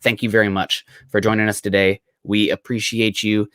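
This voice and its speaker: A man's voice: fairly low pitch, moderate pace, no room sound, clean studio sound. A young man from Iowa hosting a podcast, chatting casually with lots of fillers. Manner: relaxed, filler-heavy rambling. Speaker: podcast host. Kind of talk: casual chat.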